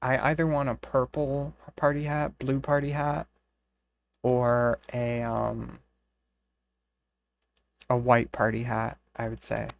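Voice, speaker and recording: A streamer chatting casually to viewers while playing, dry and monotone, rambling and swearing now and then. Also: medium pitch, slow, creaky, long pauses, highs cut off. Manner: rambling, profane, talks to chat. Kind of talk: casual live-stream chat.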